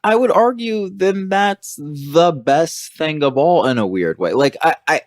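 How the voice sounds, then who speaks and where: A man's voice: on the high side, measured pace, no room sound, clean studio sound. A man, a comedian guest, chatting casually and jokily on a podcast, dropping into mock voices. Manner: animated, jokey, slips into mock voices.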